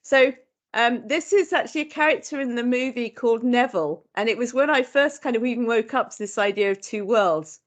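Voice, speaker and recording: Lady asking a q at a seminar, bit high voice, chatty and keen. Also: fairly quick. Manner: enthusiastic, chatty. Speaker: seminar participant asking a question. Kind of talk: question at an online seminar.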